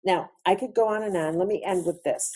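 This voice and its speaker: A woman's voice: fairly low pitch, brisk, mellow. A woman giving a spiritual lecture over a webinar, reflective, repeating phrases for emphasis. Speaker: featured speaker.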